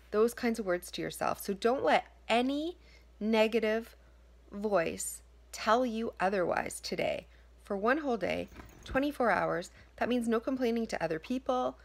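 A woman wellness coach giving an earnest motivational talk, repeating reassuring affirmations. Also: mid-range voice. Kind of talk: motivational daily challenge talk.

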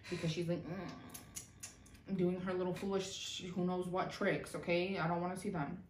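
A young woman telling a personal story in a storytime vlog, animated and sarcastic. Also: on the low side, moderate pace. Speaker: vlogger. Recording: roomy echo, distant mic, faint noise.

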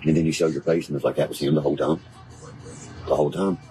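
Man, very deep voice, casual livestream rant, swearing, rambling, music in the background. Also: fairly even intonation, quick pace, warm tone. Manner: profane, rambling, keeps asking "you see what I mean".

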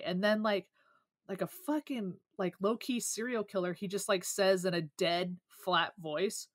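A young podcast co-host telling stories in casual chat, animated and swearing a lot. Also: medium pitch, normal speed, dry recording, studio quality.

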